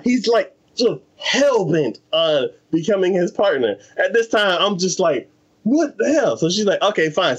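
A man's voice: medium pitch, highs cut off. A man in casual chat, animatedly retelling an anime plot and acting out the characters' lines, with lots of fillers. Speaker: anime podcast co-host.

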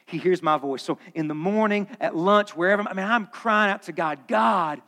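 A middle-aged man preaching a sermon as pastor, conversational, with loud punchy asides that drop to hushed, low emphasis. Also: moderate pace. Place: large church auditorium. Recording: long hall reverb.

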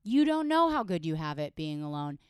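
A young woman co-hosting a podcast in casual comedic chat, telling stories in a wry, deadpan way. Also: low voice, fairly quick, clear, resonant tone, no room sound, studio quality. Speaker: podcast co-host.

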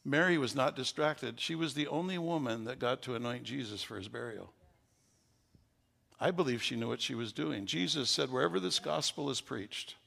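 An older man, a pastor with a gravelly voice, preaching a sermon with folksy stories that rise into fervent preaching. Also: mid-range voice, fairly bright tone, big-room sound.

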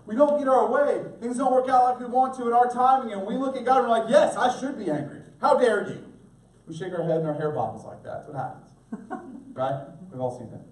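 A man preaching a sermon as pastor, animated, acting out voices for humor. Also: high-pitched. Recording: echoey room, voice from a distance.

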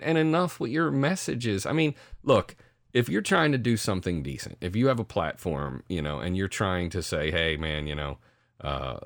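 A middle-aged man co-hosting a podcast, telling stories in a casual, profane, animated way. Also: lowish voice, no echo, studio quality. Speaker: podcast co-host. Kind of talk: casual chat.

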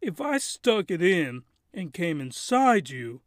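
A man voicing a smug young male protagonist who reasons aloud in a drawn-out way. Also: high voice, sing-song, no echo, studio quality, exaggerated voice. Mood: scheming.

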